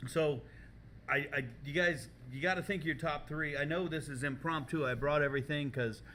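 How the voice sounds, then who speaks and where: Bright-voiced, profane storytelling podcast host. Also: male voice, a little high, moderate pace, slight background noise. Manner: animated, profane storytelling, laughing often. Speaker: podcast host and culinary teacher. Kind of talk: casual podcast chat.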